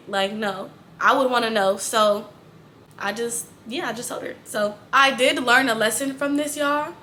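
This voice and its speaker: A woman's voice: fairly high pitch, sharp tone, a little hiss or hum. A young woman telling a storytime to her viewers in a chatty, blunt way, swearing freely. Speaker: storytime vlogger. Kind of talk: casual storytelling to camera.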